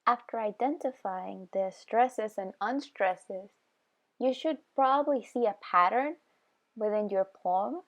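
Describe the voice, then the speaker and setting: Gravelly young woman explaining calmly. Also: mid-range voice, unhurried. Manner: calm step-by-step explaining. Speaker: student video host. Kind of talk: explanatory study tutorial voice-over.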